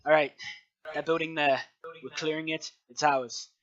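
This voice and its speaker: A man voicing a female soldier pinned down under fire, shouting and swearing in a raised, urgent voice. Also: low-pitched, fairly even intonation, moderate pace, highs cut off, voice pushed up, lightly acted. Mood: commanding.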